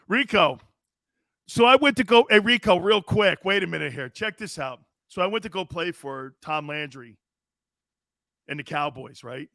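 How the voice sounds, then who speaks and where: A high, lively male voice runs a casual sports talk show and swings all over his range as he tells stories. His tone is bright and a little sharp. The sound is dry and close. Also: no room sound. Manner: animated storyteller, does squeaky impressions and shouts.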